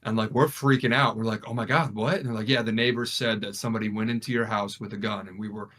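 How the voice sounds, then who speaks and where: With a lowish voice and fast delivery, this young adult co-host spins a story for his podcast friends in a casual, animated way. He acts out the things people said.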